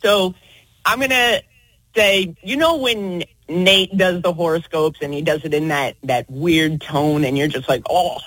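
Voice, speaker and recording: Bright, husky woman caller. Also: lowish voice, measured pace, no echo, poor audio. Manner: polite, laughing, apologetic.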